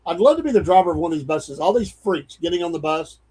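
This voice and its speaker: A man with a drawl and a fairly high speaking voice. He is plain-spoken and sure of his opinions, yet keeps an easygoing morning-show tone. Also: lively intonation, fast talker, mellow, slightly rough, poor audio. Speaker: radio show co-host. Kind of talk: casual morning show banter.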